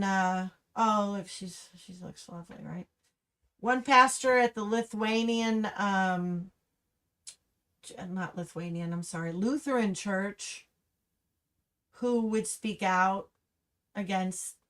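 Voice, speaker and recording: A middle-aged woman, talking on a livestream in an impassioned, ranting way that rises to angry shouts. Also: mid-range voice. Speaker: livestream host. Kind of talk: livestream commentary over slideshow.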